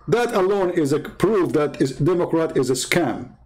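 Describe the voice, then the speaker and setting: Combative Arabic-accented man, higher voice. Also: moderate pace, hardly any pauses, a little mellow, breathy edge, poor audio. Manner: combative, mocking, name-calling. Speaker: online commentator. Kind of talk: heated political monologue.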